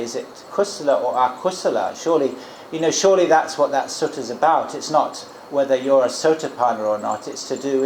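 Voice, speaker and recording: A man teaching as a Buddhist monk, giving an informal dharma talk and guided meditation in a gentle, musing way with frequent restarts. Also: medium pitch, a little hiss or hum. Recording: echoey room with loud crickets. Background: crickets and insects.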